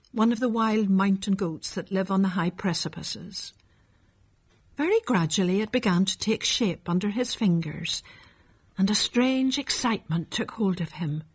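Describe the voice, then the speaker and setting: A woman narrating a children's storybook in a calm, measured reading. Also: medium pitch, husky.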